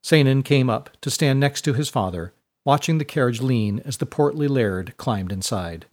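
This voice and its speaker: A man reading a scripted story aloud in an even, measured way. His voice sits at an ordinary pitch, and he delivers the narration steadily as an audiobook.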